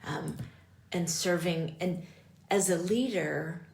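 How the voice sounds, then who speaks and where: A woman's voice: on the low side, slow pace, vocal fry, darkish tone, reverberant. An older woman, a priest and guest, talking in a reflective way about leadership and often checking in with "right?". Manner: reflective, often asks "right?" with many ums. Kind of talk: faith-based leadership conversation.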